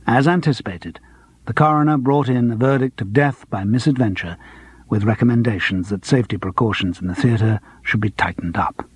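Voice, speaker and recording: A man reading a cozy mystery audiobook as narrator, in a lively, expressive manner. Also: medium pitch, a little fast, husky, dry recording. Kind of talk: scripted narration.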